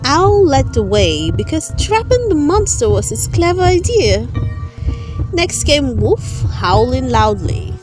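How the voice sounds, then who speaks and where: Slow, expressive woman reading a children's story. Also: sits high. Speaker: storybook reader. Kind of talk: children's read-aloud narration. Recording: read-aloud with loud background music.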